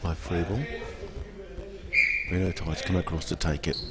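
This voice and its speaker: A man calling a ball game play by play, rising to excited shouts when a goal goes in. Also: low-pitched, unhurried, very noisy. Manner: rises to excited shouts at goals. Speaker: play-by-play commentator. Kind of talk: live sports commentary.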